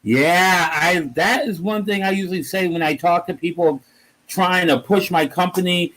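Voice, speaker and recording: A man in a casual interview, telling animated stories about comics and his own creations, acting out quotes as he goes. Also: high-pitched, moderate pace, poor audio. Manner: animated storyteller, exclaims and acts out quotes. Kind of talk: casual conversation.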